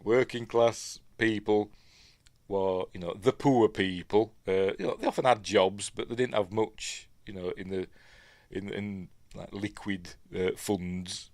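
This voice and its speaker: A man's voice: fairly low pitch, steady tone, measured pace, darkish tone, no echo. A middle-aged man with a Yorkshire accent, chatting casually and rambling through a film commentary at home, often correcting himself. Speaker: film reviewer.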